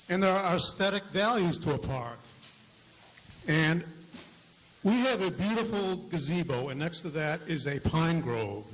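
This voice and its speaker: At a town meeting in a large, echoey hall with faint background noise, a man from Millis, Massachusetts speaks earnestly and often restarts his phrases. His voice is fairly high and bright, with lively intonation and a slightly slow pace.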